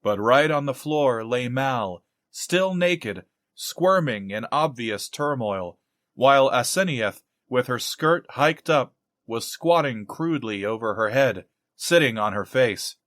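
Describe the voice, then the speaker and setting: A man reading a novel aloud as narrator in a measured storytelling manner. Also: mid-range voice, animated, a bit bright, no room sound, studio quality. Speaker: audiobook narrator. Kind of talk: audiobook narration.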